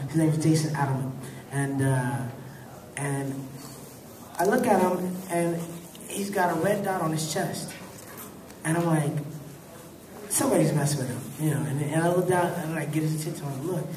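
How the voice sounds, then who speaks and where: Man in his thirties, easygoing storyteller with a slightly high voice, heard from a distance in an echoey hall over crowd noise. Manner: laid-back, laughing often, animated when acting out quotes. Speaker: actor telling stories at a fan convention panel. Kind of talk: casual storytelling. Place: convention hall with an audience.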